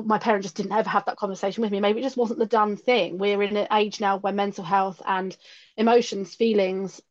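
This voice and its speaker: A woman's voice: medium pitch, a little mellow. A middle-aged woman talking openly as a podcast guest, earnest and given to repeating words as she starts a thought. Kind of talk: candid conversational chat. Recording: dull lo-fi remote audio.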